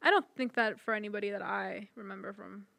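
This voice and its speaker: A woman's voice: mid-range voice, steady tone, fast talker, gravelly, a bit bright, no room sound. A young woman co-hosting a podcast, rambling through stories in casual chat with lots of "like" and "um". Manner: chatty, rambling, full of "like" and "um". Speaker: podcast co-host.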